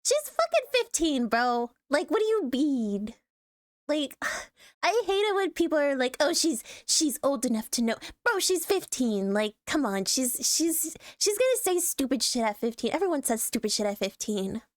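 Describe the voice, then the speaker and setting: A woman with a fairly high voice, chatting casually on a live stream. She swears freely, clears her throat often and breaks into laughter. The sound is dry and close, with no room echo. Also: sing-song, moderate pace. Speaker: streamer reacting to online posts.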